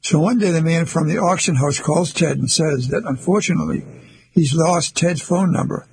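A man narrating an audiobook in a calm, even storytelling manner, with a husky, creaky voice. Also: on the high side, moderate pace, slight background noise, rough recording. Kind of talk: scripted narration.

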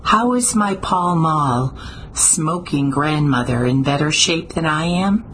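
A woman reading the lines of a teasing, wry companion who jokes and gives quick orders. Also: low-pitched, expressive, a bit bright, slight background noise, heavily acted, low-quality recording.

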